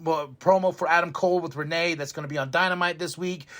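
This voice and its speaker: A man hosting a podcast, reviewing a wrestling show in a rambling, excitable way, laughing often and swearing freely. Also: fairly high pitch, fast. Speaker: podcast host.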